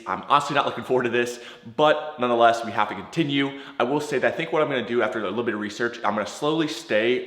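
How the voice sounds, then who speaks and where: A man's voice: on the low side, fairly bright tone, roomy sound. A young man talking casually to camera as a vlogger, chatty and swearing as he gets into cold water. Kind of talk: casual vlog talk to camera.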